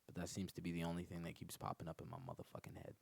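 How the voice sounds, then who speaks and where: A man hosting his own comedy podcast alone, rambling through profane, animated stories. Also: very fast, vocal fry. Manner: profane, animated storytelling that jumps in pitch. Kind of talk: rambling solo comedy monologue.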